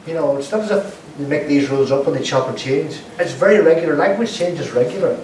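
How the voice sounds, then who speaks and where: A man's voice: fairly high pitch, animated, fast talker, a little mellow. A man giving a public lecture, explaining points and repeating words aloud to show how they sound. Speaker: guest lecturer. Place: lecture room. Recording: roomy echo, distant mic, faint hiss.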